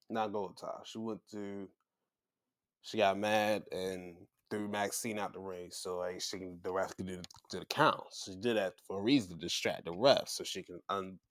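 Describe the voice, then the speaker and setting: In a dry, studio-quality recording, a lowish-voiced host runs through wrestling events conversationally, performing the quotes with animated chatter.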